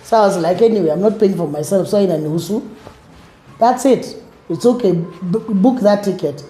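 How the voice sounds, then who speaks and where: A middle-aged woman with a Kenyan accent, telling her personal story as an interview guest, animated and acting out the voices of others. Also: medium pitch, brisk, reverberant. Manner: animated, acts out quoted voices, mixes in Swahili words.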